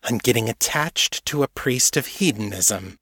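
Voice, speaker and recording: A man's voice: medium pitch, expressive, a little slow, bright, forceful tone, no room sound, studio quality. A man voicing a tough young woman warrior who talks bluntly and sardonically. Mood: wry.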